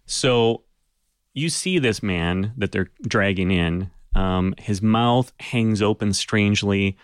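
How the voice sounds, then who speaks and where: Slow-talking male game master. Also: lowish voice, clear, resonant tone, no room sound, studio quality. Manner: loose and conversational, many fillers. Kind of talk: narrating a tabletop game.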